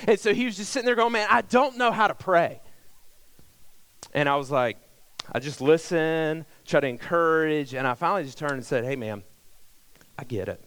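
A middle-aged male pastor preaching a sermon, telling a personal story conversationally and swinging between loud emphasis and hushed, near-whispered lines. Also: on the high side, smooth, no room sound.

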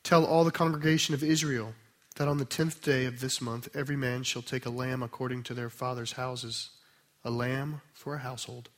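A man preaching a sermon, explaining scripture in a conversational way, then reading a passage aloud slowly and softly. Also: mid-range voice. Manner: conversational teaching with restarts, slow and soft when reading scripture.

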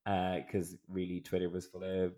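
A man's voice: low voice, completely flat delivery, moderate pace, dark tone. A man co-hosting a podcast in casual chat, rambling and laughing often. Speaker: podcast co-host.

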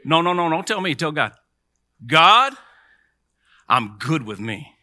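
A man's voice: fairly high pitch, sing-song, slow pace, bright, forceful tone, no echo. A middle-aged man preaching a sermon in a conversational way, leading the congregation in call-and-response.

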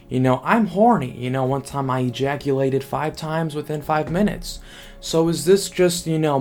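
A young man talking casually to camera as a vlogger, rambling and excitable, full of fillers and swearing. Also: a little high.

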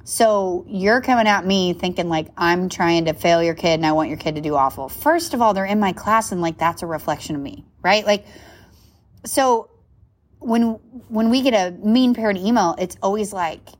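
A woman talks through a solo podcast episode in an easygoing, conversational way. She is a young adult at a middle pitch. She leans on "like" and checks in with her listeners as she goes. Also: moderate pace. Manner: chatty, filler-heavy, frequent "like" and "right?". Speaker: podcast host and coach. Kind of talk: casual solo podcast talk.

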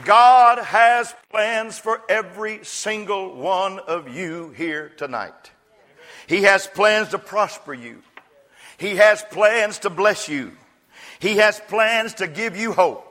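A pastor preaching a rousing call-and-response sermon, rising to shouts. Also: male voice, sits high, slow pace, a faint crowd. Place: church sanctuary. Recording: reverberant church hall with congregation.

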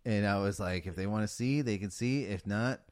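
A man's voice: fairly low pitch, a little fast, darkish tone. A man chatting on a podcast, making teasing jokes and crude asides. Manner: jokey, teasing interjections. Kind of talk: casual chat.

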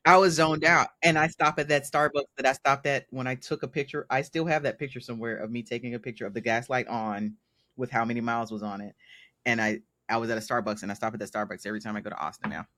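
A man's voice: medium pitch, fairly even intonation, fast talker, bright, forceful tone, no echo. A man in his thirties from Mississippi, a guest telling stories in casual conversation and laughing often.

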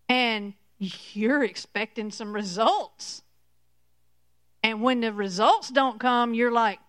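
Slow, smooth-voiced woman preaching. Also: fairly high pitch, fairly bright tone, dry recording. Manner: slow, emphatic, repeats "okay?" to the listener. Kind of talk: sermon teaching.

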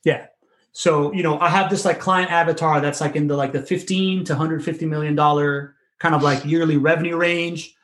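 Fast-rambling man, casual profanity. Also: fairly high pitch, steady tone, fairly bright tone. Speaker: podcast business consultant. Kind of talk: casual conversation.

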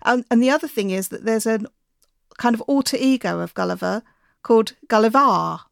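A woman talking casually as a guest on a podcast, explaining things in a relaxed, friendly way. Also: on the high side, a little fast, creaky, clean tone, no room sound, studio quality. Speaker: bird enthusiast guest.

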